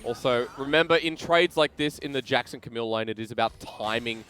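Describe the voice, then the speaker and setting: A man with an Australian accent calling play-by-play esports commentary, excitable and joking between calls. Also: medium pitch, a little fast, a little hiss or hum. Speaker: esports caster.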